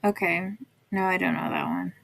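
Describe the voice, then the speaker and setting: A woman's voice: fairly low pitch, wildly swooping pitch, moderate pace, vocal fry, fairly bright tone. A woman co-hosting a podcast in casual chat, playful and teasing. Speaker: podcast co-host.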